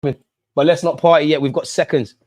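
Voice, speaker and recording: A young man hosting a live football watch-along, swinging between low muttering and yelling at the referee. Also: steady tone, normal speed. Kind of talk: live match reaction.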